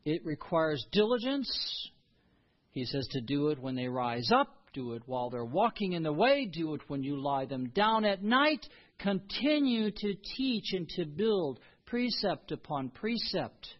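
A man's voice: fairly high pitch, big pitch swings, unhurried, lo-fi sound. A man preaching a sermon as a pastor, earnest and emphatic.

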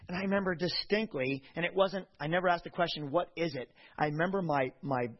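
A middle-aged man preaching a sermon, telling personal stories passionately and swinging from quiet reflection to loud emphasis. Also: on the high side, brisk. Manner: anecdotal storytelling. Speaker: pastor. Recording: dull lo-fi recording.

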